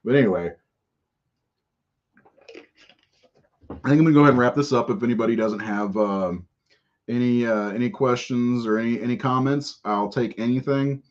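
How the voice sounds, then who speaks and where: A man's voice: mid-range voice, normal speed, long pauses. A man hosting a podcast in casual live-stream chat, rambling and profane and laughing often. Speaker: podcast host. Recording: dull lo-fi audio.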